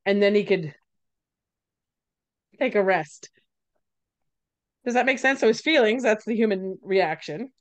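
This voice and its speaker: A woman's voice: medium pitch, animated, a little slow, pauses often, no echo. A woman co-hosting a podcast, talking things through in a casual, reflective way with playful quips. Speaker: podcast co-host. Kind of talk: casual chat.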